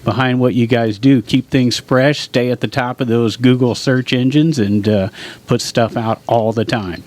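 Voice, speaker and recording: A man's voice: medium pitch, fairly even intonation, normal speed, a little mellow. A man hosting a radio talk show, prompting the band with facts and questions. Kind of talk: casual interview chat.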